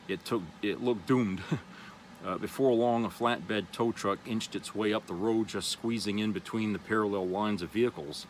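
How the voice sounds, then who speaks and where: A man's voice: fairly low pitch, a little hiss or hum, low-quality recording. A man vlogger reads an article aloud, then comments casually and loosely, with many fillers. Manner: loose and rambling, with many "you know" fillers.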